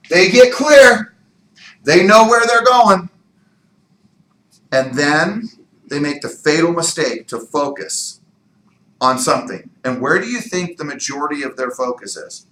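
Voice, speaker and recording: Bright, energetic male sales trainer. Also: fairly high pitch, a little hiss or hum. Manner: energetic and emphatic, with rhetorical questions. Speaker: real estate sales trainer. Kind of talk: motivational training talk. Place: meeting room. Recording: echoey meeting room.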